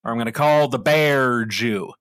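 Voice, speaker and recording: A man's voice: mid-range voice, normal speed, a bit bright, no echo, studio quality, close to an everyday voice. A man putting on a drawling, menacing male army lieutenant in a podcast retelling.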